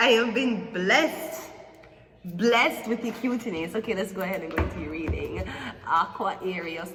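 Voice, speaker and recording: A woman's voice: medium pitch, bright, forceful tone. A woman giving a casual tarot reading in a playful, teasing and rambling way, with frequent swearing. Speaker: tarot reader. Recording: echoey room with long reverb.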